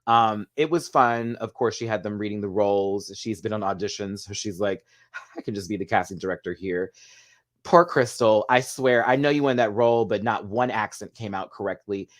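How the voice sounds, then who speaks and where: A man's voice: lowish voice, normal speed, few pauses. Chatty, gossipy man recapping a show. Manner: chatty and gossipy, laughs often. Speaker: host. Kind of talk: casual TV recap commentary.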